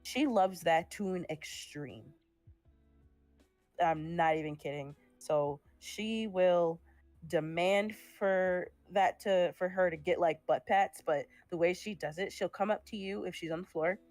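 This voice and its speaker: A woman's voice: lowish voice, a little slow, a little mellow, no room sound, soft background music. A young woman chatting casually while drawing on a stream, laughing and swearing now and then. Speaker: streamer making art.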